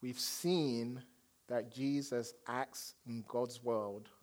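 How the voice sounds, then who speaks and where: A man preaching a sermon as a pastor, telling stories with dramatic swings from loud declarations to hushed asides. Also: medium pitch, fairly even intonation, extremely slow.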